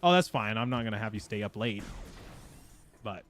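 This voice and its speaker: A man's voice: fairly low pitch, lively intonation, normal speed, fairly bright tone, a little hiss or hum. A man chatting casually with his viewers while he streams a game. He rambles and laughs often. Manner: talks to chat while playing. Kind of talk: casual live gameplay chat.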